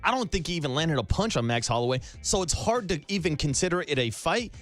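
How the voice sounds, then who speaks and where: A man's voice: fairly high pitch, very animated, quick pace, a bit bright, faint music behind. A man co-hosting a sports talk radio show, blunt and casual with the odd curse. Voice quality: blunt, casual, mildly profane.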